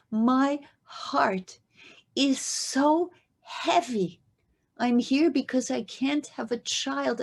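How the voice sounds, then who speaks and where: A woman's voice: mid-range voice, warm tone. A woman voicing a desperate devout woman. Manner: earnest, emphatic, insistent. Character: anguished childless woman, devout and determined.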